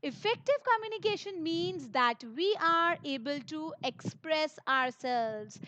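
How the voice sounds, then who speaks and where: A woman's voice: very high voice, fairly bright tone. A woman with an Indian English accent, teaching an online lesson and speaking to her students in an upbeat, encouraging way. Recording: dull lo-fi recording.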